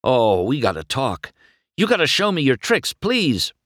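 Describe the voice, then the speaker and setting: A man voicing an eager young male race car in a storybook reading, gushing and stammering with excitement. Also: lowish voice, unhurried, no room sound, studio quality, pitched above the performer's own voice. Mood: starstruck.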